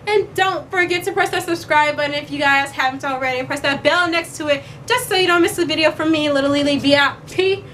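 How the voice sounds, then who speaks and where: A woman's voice: high voice, fast talker, hardly any pauses, fairly bright tone, slight background noise. A young woman chatting playfully to camera as a vlogger, acting out quoted lines as she goes. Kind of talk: casual chat to camera.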